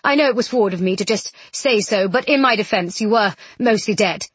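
A woman doing an earnest young gentleman. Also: mid-range voice, fairly quick, husky, no echo, close to an everyday voice.

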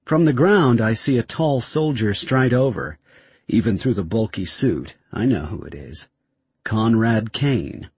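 A man narrating a first-person story in a tense, steady way. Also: fairly low pitch, measured pace, breathy edge, no echo. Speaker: audiobook narrator.

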